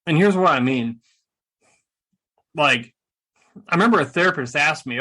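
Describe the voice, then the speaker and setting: Man, middle-aged, interview guest, sarcastic humor, bright forceful voice, slightly high. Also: normal speed, long pauses. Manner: animated, joking, sarcastic storyteller. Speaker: guest, combat veteran and speaker. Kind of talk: casual storytelling interview.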